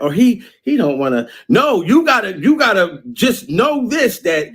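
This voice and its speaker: High-voiced man in a mocking rant. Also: big pitch swings, a little slow, breathy edge. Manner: laughs between phrases, loud and mocking. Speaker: vlogger. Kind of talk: profane rant.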